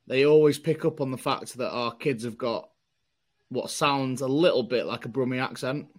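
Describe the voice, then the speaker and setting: A man's voice: mid-range voice, moderate pace. A man, co-hosting a casual podcast and telling self-mocking stories. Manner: chatty storyteller, self-mocking, puts on voices in anecdotes. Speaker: podcast co-host. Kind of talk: casual chat.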